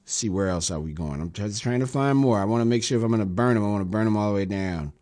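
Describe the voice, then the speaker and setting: A man's voice: lowish voice, quick pace, a little mellow. A man hosting a radio show, reading news quotes and adding sarcastic, wry asides in a loose commentary style.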